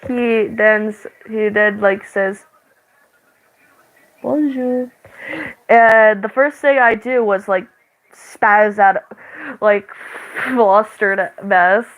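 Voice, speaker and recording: A channel host, a woman with a mid-range, slightly bright voice and a steady tone, casually recounts a dream she had. Her delivery is halting, full of stops and restarts, with gaps filled by "like" and the odd giggle. The recording quality is rough.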